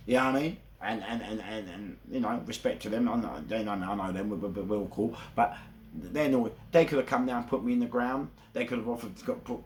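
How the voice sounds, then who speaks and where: A man's voice: medium pitch, a little hiss or hum. A man with a London accent, telling his own story in a casual, streetwise monologue full of rhetorical asides. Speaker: self-described gangster telling his story.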